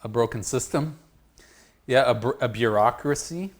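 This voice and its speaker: A man with a mid-range voice teaches a Bible study group, speaking haltingly and repeating words as he works through a passage and draws answers from the class.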